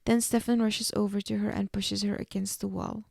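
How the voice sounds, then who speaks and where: A woman's voice: medium pitch, flat delivery, moderate pace, creaky, a little mellow, dry recording, studio quality. A woman podcast host chattily recapping a TV episode, peppered with fillers.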